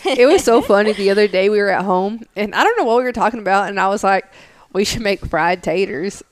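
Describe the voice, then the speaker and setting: A woman's voice: medium pitch, animated, quick pace. A woman from Tennessee with a Southern accent, a podcast guest and teacher who tells stories with a laugh. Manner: laughing storyteller. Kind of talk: casual chat.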